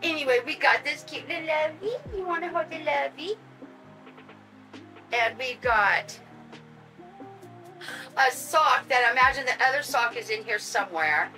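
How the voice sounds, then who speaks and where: High, bright, gushing woman. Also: normal speed, long pauses, faint music behind, poor audio. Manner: gushing, excitable, talks to her audience and pets. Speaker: vlogger unboxing reborn dolls. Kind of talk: casual unboxing vlog.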